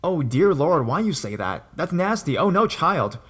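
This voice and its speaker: A man's voice: on the high side, sing-song, moderate pace, a bit bright, slightly rough, voice pushed up, exaggerated voice. A man voicing a polite American man with an American accent who sounds raised and flustered. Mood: shocked. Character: polite older American man, easily shocked.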